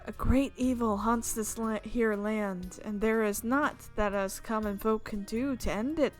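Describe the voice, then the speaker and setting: A woman voicing a glum, fretful old farmer woman in a slow, drawling backwoods voice. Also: a little high, faint music behind, natural voice. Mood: gloomy.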